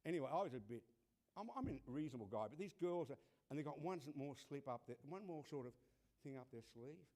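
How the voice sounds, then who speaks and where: Animated man telling a funny story. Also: a little high, quick pace. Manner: animated storyteller, acts out quoted voices. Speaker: conference host introducing the speaker. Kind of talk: humorous anecdotal introduction.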